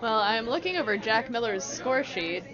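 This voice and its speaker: A woman's voice: on the high side, lively intonation, normal speed. Chatty woman co-commentating curling. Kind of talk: casual sports commentary. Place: curling club, indoors. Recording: dull audio with crowd noise.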